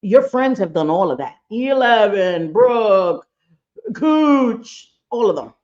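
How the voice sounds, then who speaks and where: A woman's voice: medium pitch, sing-song, slow pace, darkish tone, highs cut off. A woman hosting a live reaction stream, talking bluntly and profanely and getting fired up.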